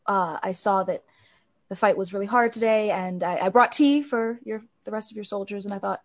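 A woman voicing a kind female magister in a tabletop game, gentle and reassuring with an awkward streak. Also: medium pitch, brisk, close to an everyday voice.

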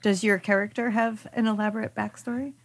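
A woman hosting a podcast in casual chat, playful and quick to jump in with jokes. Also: medium pitch, fairly even intonation, vocal fry. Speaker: podcast host.

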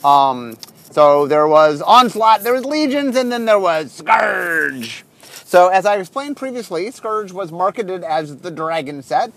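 A man hosting a podcast, talking casually with many fillers while he drives, in a car. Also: sits high. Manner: animated, rambling with many fillers. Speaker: podcast host. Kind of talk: casual monologue while driving.

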